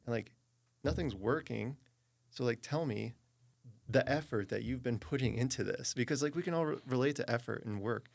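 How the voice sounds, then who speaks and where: A man's voice: medium pitch, moderate pace, creaky. A man talking as a podcast co-host in casual chat, earnest and emphatic.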